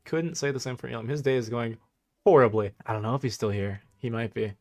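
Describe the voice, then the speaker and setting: A man's voice: medium pitch, quick pace, a little mellow. Young male streamer, mocking, slangy, laughs often while commenting. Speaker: livestream host. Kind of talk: casual livestream commentary.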